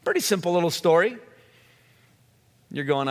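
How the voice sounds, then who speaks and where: A man's voice: fairly high pitch, moderate pace, fairly bright tone. A man preaching a sermon, telling stories earnestly and stressing key words. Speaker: pastor. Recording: long echoing hall reverb.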